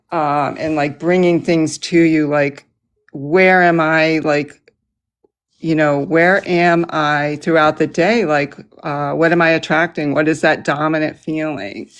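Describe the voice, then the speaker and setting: A woman in a reading group on a video call, sharing her thoughts with many pauses and fillers. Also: low voice. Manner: thinking aloud, many fillers. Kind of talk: casual group discussion over a call.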